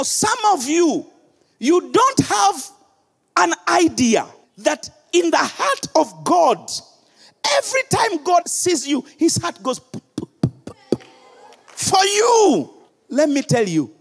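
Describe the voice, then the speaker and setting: Give me a middle-aged male pastor with a very high voice, preaching with big swings from shouting to hushed. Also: vocal fry, big-room sound. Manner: impassioned preaching, swinging from shouts to quiet low asides. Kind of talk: sermon.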